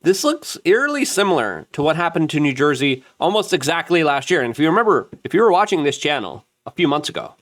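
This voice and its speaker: A man hosting an online news show, giving an opinion commentary straight to camera. He rants emphatically and repeats himself rapidly, and he mimics other people in raised, mocking voices. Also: on the high side. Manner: excitable, emphatic ranting with rapid repetition. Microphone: camera-mounted.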